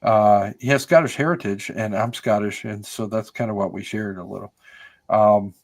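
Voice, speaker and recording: A man's voice: fairly low pitch, moderate pace, gravelly. Rambling older man, casual guest. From United States. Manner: rambling, many fillers and restarts. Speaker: podcast guest. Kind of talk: casual conversational storytelling.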